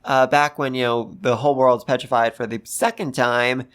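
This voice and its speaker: Excitable, gushing reviewer. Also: mid-range voice, moderate pace. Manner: gushing, excitable, gasps and laughs; repeats phrases for emphasis. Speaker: manga chapter reviewer. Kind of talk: casual commentary.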